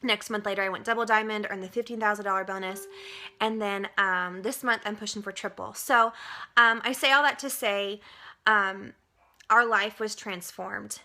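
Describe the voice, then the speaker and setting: A woman's voice: medium pitch, fairly even intonation, moderate pace, pushed and bright. A young woman sharing an earnest, emotional personal testimonial as a direct-sales distributor, with many fillers, turning tearful as she talks. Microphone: webcam.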